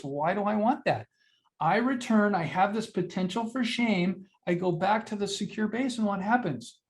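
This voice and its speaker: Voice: mid-range voice, animated, normal speed. Older presenter asking rhetorical questions. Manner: teaching with frequent rhetorical questions; earnest and conversational, addresses listeners directly. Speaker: webinar presenter on mental health. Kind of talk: educational webinar lecture.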